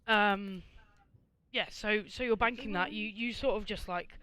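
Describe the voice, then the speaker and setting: A game master running a live tabletop session, speaking in a bright, smooth voice. The delivery is slow and relaxed, full of small hesitations. The game master narrates the scene and asks the players what they do. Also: medium pitch, no echo. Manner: relaxed, with frequent ums and quick laughs.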